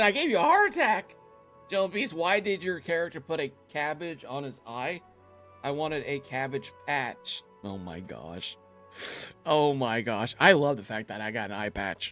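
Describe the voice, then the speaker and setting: An excitable man talks through his gameplay with a bright, lively voice that swings up and down. He comes across playful and laughs easily, with faint game music under him. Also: fairly high pitch. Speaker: gaming channel host. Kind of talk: casual gameplay commentary.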